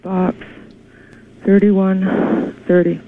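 A woman calling into a radio show, telling her story in an excited, rambling way with many restarts. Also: mid-range voice, drawn-out words, slight background noise. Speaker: caller. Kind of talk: call-in radio chat. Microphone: telephone. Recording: tinny phone line.

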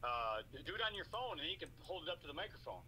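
A man's voice: fairly high pitch, big pitch swings, racing, pushed and bright, breathy edge, no echo, low-quality recording. A man calling into a show, joking in crude, slangy casual banter. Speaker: caller.

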